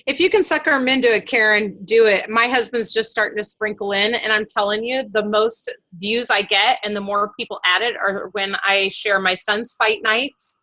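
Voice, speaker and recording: A woman's voice: mid-range voice, steady tone, normal speed, few pauses, pushed and bright, low-quality recording. A woman in a casual group chat, upbeat and encouraging as she shares tips.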